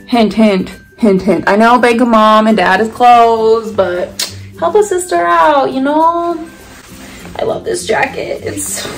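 A woman's voice: fairly high pitch, low-quality recording. A young woman from California chatting casually and playfully in her own vlog. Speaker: vlogger.

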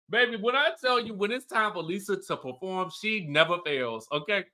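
A man's voice: sits high, sharp tone. A man hosting casual reality TV recap commentary, chatty and emphatic. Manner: chatty, emphatic, keeps asking "okay?".

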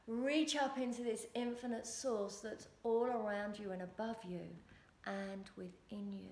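A relationship coach and yoga teacher leads listeners through movement and breathwork, her calm instructions gradually building into loud, rhythmic chanting. She speaks at a normal speed with a medium pitch and some vocal fry, in an echoey room.

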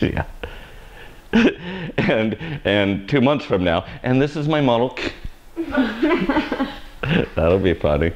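Male stylist host, blunt joker, swoops up and down a lot, low-set voice. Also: big pitch swings, takes it slowly, long pauses, darkish tone, muffled recording, a little hiss or hum. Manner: wisecracking, self-mocking, blunt. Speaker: hairstylist host of live haircutting show. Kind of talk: live haircut tutorial with joking banter.

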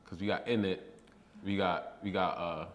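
A man's voice: low-pitched, steady tone. A young man, interviewing a guest in a casual, curious and playful way. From New York. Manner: curious, playful questions, quick laughs.

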